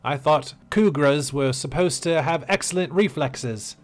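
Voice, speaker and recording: A man's voice: on the high side, unhurried, soft background music, natural voice. A man voicing a stern, earnest young female guard who scolds indignantly.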